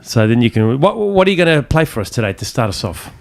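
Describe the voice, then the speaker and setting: A man's voice: medium pitch, sing-song, fast, vocal fry, faint music behind. A man hosting a podcast from a studio, cheerful and laughing often in a casual chat. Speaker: podcast host.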